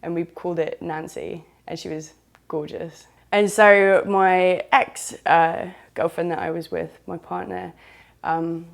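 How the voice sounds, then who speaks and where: A woman's voice: lowish voice, flat delivery, unhurried, creaky. A woman with a southern English accent telling a candid first-person story in a loose, frank, chatty way with British slang. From southern England.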